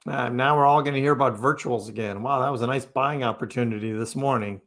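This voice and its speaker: A man hosts a live crypto stream and keeps up a loose, chatty back-and-forth with his viewers. His voice sits at an ordinary middle pitch and has a gravelly edge to it. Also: quick pace. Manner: chatty, answers chat messages out loud. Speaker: crypto livestream host. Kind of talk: casual livestream chat with viewers.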